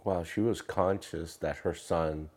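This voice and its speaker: A host reflects aloud on his guest's story in a casual, thinking-out-loud way. His voice is low and steady. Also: a little slow. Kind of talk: casual chat.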